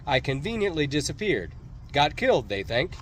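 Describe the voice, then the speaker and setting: A man's voice: a little high, very animated, moderate pace, slight background noise. A man playing a boastful, cold ex-Navy man who tells his past with sardonic scorn, in an audiobook. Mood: cocky.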